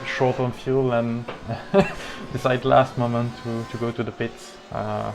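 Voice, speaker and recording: Flat-voiced man chiming in on a race. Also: medium pitch, slow, creaky. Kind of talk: live sim racing commentary.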